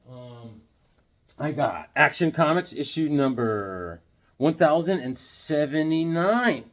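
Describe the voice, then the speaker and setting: A man showing off his comic books in a casual vlog, animated and joking, with corny puns and sudden yelps. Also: on the high side, takes it slowly. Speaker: comic book vlogger. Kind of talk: casual show-and-tell chat.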